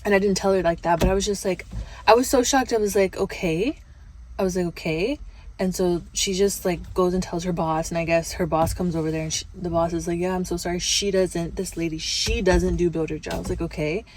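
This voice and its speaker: A woman's voice: fairly low pitch, steady tone, brisk, darkish tone, a little hiss or hum, poor audio. A young woman vlogger telling a casual, chatty story full of fillers and quoted back-and-forth.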